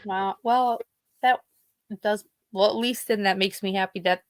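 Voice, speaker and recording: A woman's voice: medium pitch, steady tone, unhurried. A woman hosting a podcast with a Pennsylvania accent, telling rambling family stories in casual chat and acting out what her relatives said. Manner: rambling storytelling, acts out quoted family members. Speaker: podcast host.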